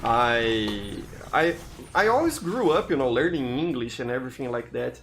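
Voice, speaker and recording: A man with a Brazilian accent chats with his stream viewers while he plays. His middle-pitched voice is loose and talkative, full of "you know"s and little restarts. Faint music plays behind him. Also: big pitch swings, moderate pace. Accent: Brazilian Portuguese. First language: Portuguese. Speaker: game streamer. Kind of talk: live gameplay commentary.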